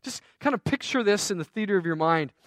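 A man's voice: high-pitched, expressive, quick pace, fairly bright tone, dry recording. Conversational male pastor telling a story. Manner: conversational storytelling, self-deprecating asides. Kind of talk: sermon.

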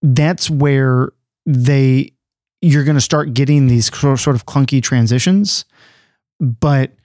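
A man's voice: medium pitch, slow pace, darkish tone, no echo, clean studio sound. A man on an education podcast panel, explaining teaching methods in a casual, explanatory way. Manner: explanatory, with fillers and restarts.

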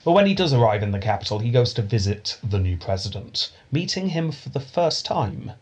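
A man hosting a casual history podcast, telling the story in a relaxed way with frequent chuckles. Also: medium pitch, fairly quick, slightly rough. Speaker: podcast host. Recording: dull lo-fi sound.

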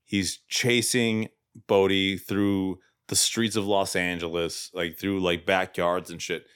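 A man co-hosting a casual movie podcast, swearing a lot and getting excited as he recaps scenes. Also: low voice, takes it slowly, clear, resonant tone. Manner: profane, excitable, quotes scenes in raised voices. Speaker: podcast co-host.

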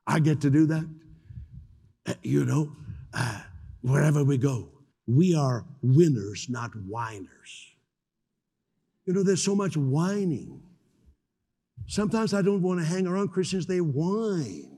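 An older man preaching a sermon as pastor, telling stories with animated acted-out voices. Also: on the high side, unhurried, vocal fry, long pauses, husky, in a large hall. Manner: animated storytelling, acts out voices.

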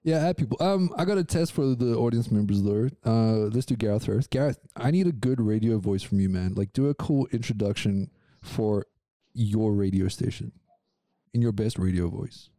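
A man's voice: fairly low pitch, moderate pace, mellow, dry recording. A man co-hosting a podcast who laughs a lot and keeps the banter going in casual chat. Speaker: podcast co-host.

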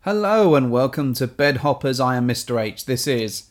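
An English man with an English accent co-hosts a casual podcast, playful and jokey, now and then breaking into silly voices. He speaks at a moderate pace in an animated, mid-range voice.

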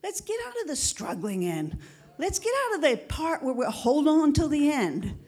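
Lady pastor preaching, kinda high voice, punchy, keeps asking for amens. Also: sing-song, normal speed, darkish tone. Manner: emphatic preaching with frequent call-outs for amen. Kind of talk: sermon.

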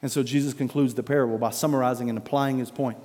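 A man preaching a sermon as pastor, emphatic, rising to loud declarations and dropping low for weight. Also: fairly even intonation, quick pace, long reverb tail.

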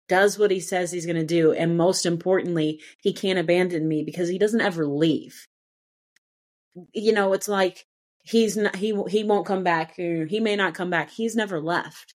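Woman guest, slightly low voice, earnest testimony, halting and heartfelt. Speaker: guest speaker. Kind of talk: testimony in a live Christian panel.

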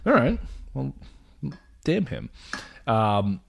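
A man in casual chat, telling a story with lots of laughter and quick shifts. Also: mid-range voice, wildly swooping pitch, vocal fry.

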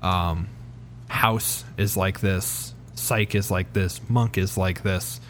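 A man's voice: deep voice, fairly even intonation, slow pace, a little hiss or hum. Rambling man in casual chat. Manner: rambling, loses his thread. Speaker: podcast co-host. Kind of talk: casual chat about TV shows.

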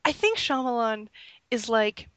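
A woman's voice: a little high, sing-song, unhurried, no room sound. A woman chatting casually and wryly about movies.

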